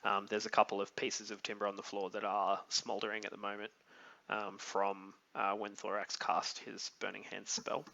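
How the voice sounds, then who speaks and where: Game master guy narrating, halting and descriptive, lowish voice, muffled lo-fi chat audio. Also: completely flat delivery, gravelly, bright, forceful tone. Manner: halting, descriptive, pauses to think.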